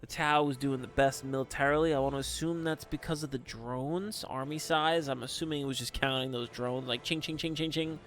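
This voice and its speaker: A young man giving casual, rambling commentary on a strategy game, often breaking into excited exclamations. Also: medium pitch, fairly quick, hardly any pauses, faint music behind. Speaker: game caster.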